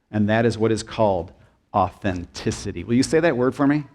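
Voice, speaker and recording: A male pastor delivering a sermon in a church, asking the congregation questions and drawing them into call-and-response, sometimes dropping low and soft for emphasis. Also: brisk. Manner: expressive preaching, dips low and soft for emphasis. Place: church sanctuary.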